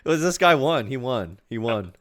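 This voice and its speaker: A man streaming a reaction to a video, talking casually, loudly and profanely, laughing often and repeating himself. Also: mid-range voice, sing-song, moderate pace, dry recording, studio quality. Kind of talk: casual live reaction chat.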